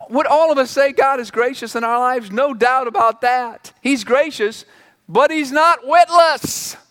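High-voiced preacher guy, punchy and chatty, lots of questions to the crowd, echoey hall sound. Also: fairly bright tone. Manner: emphatic, conversational preaching, rhetorical questions. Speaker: pastor. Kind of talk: sermon. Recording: reverberant hall.

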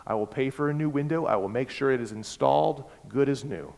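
A man voicing a calm, responsible mother who promises to fix things, in a sermon. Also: mid-range voice, fairly quick, gravelly, natural voice. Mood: reassuring. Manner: firm, reassuring. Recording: long hall reverb.

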